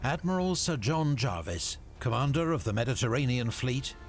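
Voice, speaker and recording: A man giving a measured, dramatic scripted narration for a history documentary. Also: medium pitch, expressive, slight background noise. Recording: documentary clip played back with music. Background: music.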